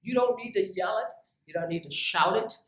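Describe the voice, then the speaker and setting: A woman's voice: mid-range voice, a little fast. Emphatic woman lecturing in an echoey room. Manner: emphatic, direct, lively with asides. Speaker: scientist giving a lecture. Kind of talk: motivational lecture to young researchers. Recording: echoey room, distant mic.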